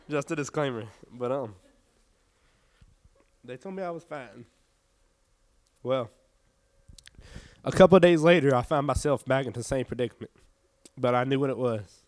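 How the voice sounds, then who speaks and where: A young man with a drawl tells his faith testimony in an earnest, heartfelt way. He sounds a little worn out and subdued, at a middle pitch. The recording is dry and close, with no room echo. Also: moderate pace, pauses often, darkish tone. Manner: earnest, emotional storytelling. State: tired, subdued. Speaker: church member giving testimony.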